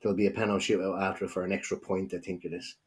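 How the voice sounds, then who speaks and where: A man's voice: low voice, level tone, rapid-fire, breathy edge. A man co-hosting a football fan show, chatting casually and agreeing readily. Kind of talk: casual podcast chat.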